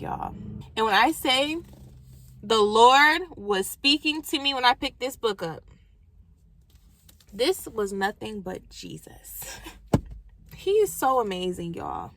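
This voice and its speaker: A woman's voice: medium pitch, fairly bright tone, slight background noise, low-quality recording. A young woman, telling her personal faith story in casual, emphatic talk and calling her viewers y'all. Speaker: vlogger and book recommender. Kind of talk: casual faith testimony to camera.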